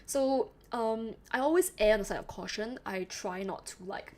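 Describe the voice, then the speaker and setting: A woman's voice: medium pitch, moderate pace, mellow. A woman streamer chatting casually with her viewers, laughing often and trailing off with fillers.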